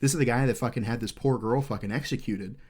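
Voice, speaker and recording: A man's voice: medium pitch, quick pace, darkish tone, slightly rough. A man in his thirties hosting a podcast, telling a story in casual talk, intense and earnest, swearing in nearly every sentence and rambling with fillers. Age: 30s. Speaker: podcast host.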